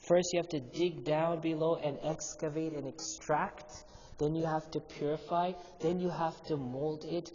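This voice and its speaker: Male imam telling a story to kids at the mosque, lively, asks the crowd stuff, long hall echo, kinda muffled. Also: fairly high pitch, normal speed. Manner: animated storyteller, asks the audience questions. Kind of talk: youth sermon with storytelling. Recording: dull, echoey hall recording with faint hum.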